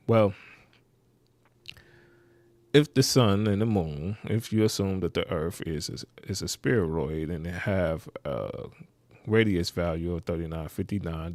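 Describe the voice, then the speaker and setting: A man's voice: low-pitched, slow, a little mellow, no echo. A man hosting a reaction video, rambling and skeptical, muttering asides as he comments.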